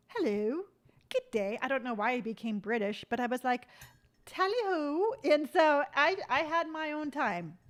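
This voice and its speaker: A woman's voice: a little high, a bit bright. A middle-aged woman hosting a casual live stream, telling rambling stories with lots of fillers and answering viewer comments as she goes. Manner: chatty, rambling storytelling with many fillers; reads viewer comments aloud and answers them.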